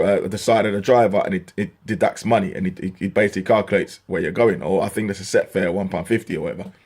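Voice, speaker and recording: A man's voice: lowish voice, darkish tone. A young man from England ranting to camera in an exasperated, swearing comic style, his voice jumping up when worked up. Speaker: vlogger.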